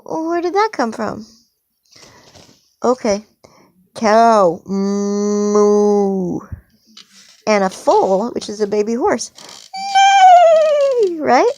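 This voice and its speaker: Brief: woman, patient parent coaching a toddler's words, slow and sing-song, dry close sound. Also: fairly high pitch, very animated, a little mellow, dry recording. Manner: patient, encouraging, exaggerated praise. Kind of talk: teaching a toddler animal names.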